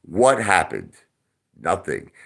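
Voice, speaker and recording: A middle-aged man rants on a livestream in a low voice that swings widely up and down. He boasts, mocks and insults crudely, and he repeats lines for punch. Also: wildly swooping pitch, takes it slowly, creaky, a bit bright. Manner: brash, mocking and boastful, with crude insults and repetition. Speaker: online video host. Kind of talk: ranting livestream talk.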